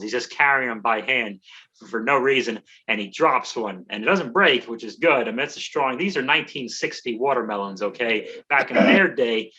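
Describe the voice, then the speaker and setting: A man's voice: medium pitch, sharp tone, husky, highs cut off. A man recapping a movie for laughs on a podcast, rambling and profane, tripping over his words and joking at his own expense. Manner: rambling, profane, self-mocking storytelling with stumbling restarts. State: out of breath. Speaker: comedy podcast host.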